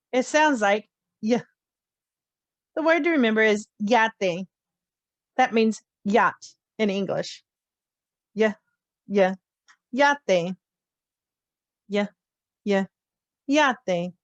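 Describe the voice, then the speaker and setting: A woman teaching a phonics lesson, slowly spelling out letter sounds with clear, deliberate enunciation. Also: a little high, dry recording. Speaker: Spanish teacher. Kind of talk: slow, careful phonics lesson.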